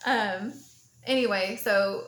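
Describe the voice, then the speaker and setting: A woman's voice: medium pitch, slow pace, a little hiss or hum. A woman, co-hosting a podcast, chatting casually and laughing as she tells stories. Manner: giggly storyteller, quotes others in lively voices. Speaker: podcast co-host. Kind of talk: casual chat. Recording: echoey room.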